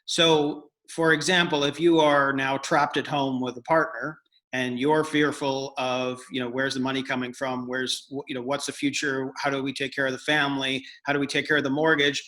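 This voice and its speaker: A man's voice: mid-range voice, level tone, normal speed, bright, forceful tone. A man hosting a conversation, framing his questions with hesitant restarts. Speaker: host. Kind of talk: conversational interview.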